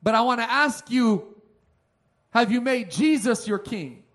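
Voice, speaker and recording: A man with a very high voice preaches a sermon. He is emphatic, pushing some lines out loud and dropping others low. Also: expressive, a little slow. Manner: emphatic preaching, swings between loud and soft. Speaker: pastor.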